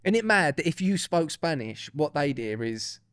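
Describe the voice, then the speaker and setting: A man's voice: a little high, sing-song, moderate pace, fairly bright tone, clean tone. A young man co-hosting a podcast, chatty and hedging, swearing now and then in casual banter. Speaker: podcast co-host.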